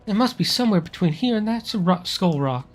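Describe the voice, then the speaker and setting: A man's voice: on the high side, big pitch swings, normal speed, a bit bright, faint music behind, exaggerated voice. A man voicing a clingy, melodramatic lovestruck woman with a Southern belle drawl, gushing and demanding. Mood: fretful.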